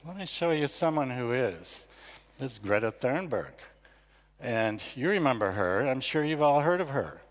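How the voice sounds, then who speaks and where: A man's voice: medium pitch, very animated, moderate pace. An older American man giving a conversational, self-deprecating talk at an award ceremony. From United States. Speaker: award ceremony speaker, competition founder. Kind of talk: conference speech. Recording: long reverb of a large hall.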